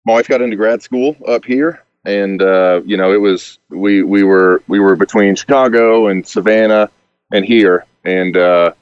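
A man from Alabama with a Southern accent, a guest speaking haltingly with many restarts over a call. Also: lowish voice, clean tone, dry recording. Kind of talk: casual interview over a call. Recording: dull call audio, dry.

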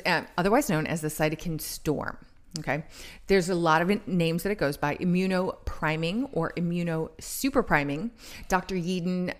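Woman co-host, low-ish register, loose rambling delivery full of "um"s. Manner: chatty, rambling explanations with many fillers. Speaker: podcast co-host. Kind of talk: casual podcast chat.

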